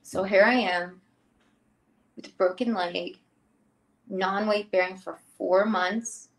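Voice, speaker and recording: A woman in her thirties, an interview guest, telling a personal story in a lively way and acting out the voices of the people in it. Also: medium pitch, slow pace. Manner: animated, acts out quoted voices.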